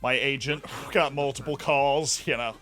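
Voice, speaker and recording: Male game streamer, off-hand jokey commentary, bright tone. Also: mid-range voice, fairly even intonation, measured pace, soft background music. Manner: joking, off-hand. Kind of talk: casual gameplay commentary.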